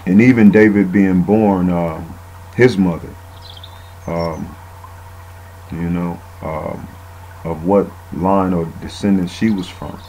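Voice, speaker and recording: Low dark-voiced man teaching scripture. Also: fairly even intonation, slow pace, pauses often, highs cut off, slight background noise. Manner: casual, repeats himself with fillers and "man". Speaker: bible teacher. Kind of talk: informal bible teaching.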